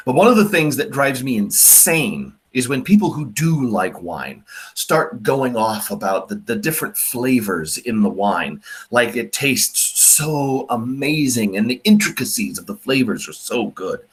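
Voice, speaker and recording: A young male teacher lecturing in a loose, joking way. His pitch leaps around as he mocks ideas, and he stumbles through fillers and restarts. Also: measured pace. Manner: animated, mocking, lots of fillers. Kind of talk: classroom lecture.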